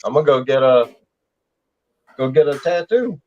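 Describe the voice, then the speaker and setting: Southern man hosting a casual stream chat, easygoing storyteller, mid-pitched, slightly muffled lo-fi audio. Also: lively intonation, normal speed, darkish tone. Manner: laid-back storytelling. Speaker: livestream host. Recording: slightly dull lo-fi sound.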